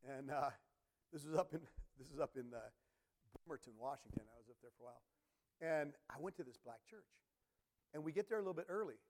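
A middle-aged man preaching a sermon as pastor, telling stories with bursts of shouting and imitated instrument sounds. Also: fairly high pitch, fast. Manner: animated storytelling, sudden shouts and imitated organ sounds.

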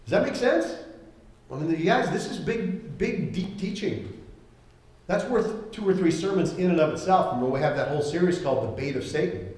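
Animated pastor preaching in an echoey hall. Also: male voice, a little high, brisk. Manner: conversational, animated, acts out quoted voices. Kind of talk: sermon. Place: church hall.

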